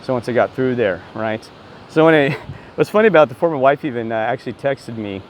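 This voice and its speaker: A man in a casual vlog, telling a meandering story in an excitable way and often voicing disbelief. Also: medium pitch, fairly quick, slight background noise. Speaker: self-described street minister.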